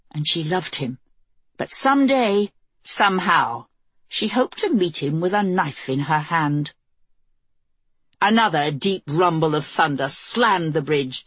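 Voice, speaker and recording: Husky, low-voiced woman narrating an audiobook. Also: no echo. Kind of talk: scripted narration.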